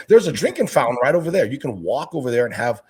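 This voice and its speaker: Man, husky voice, casual interview, animated storyteller, youth coach. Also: mid-range voice, quick pace. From Northern California. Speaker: youth basketball coach and aquarium channel creator.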